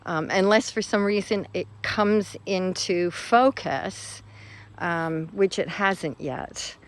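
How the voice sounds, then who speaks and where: A woman's voice: medium pitch, takes it slowly. A woman vlogging from her garden, talking casually in a rambling, self-deprecating way full of fillers. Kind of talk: casual rambling vlog talk. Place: outdoors in a garden.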